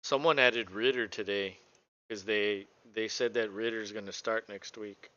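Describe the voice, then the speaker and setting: A man co-hosting a casual live football reaction show, excitable and quick to swear and laugh. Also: lowish voice, muffled recording. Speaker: co-host.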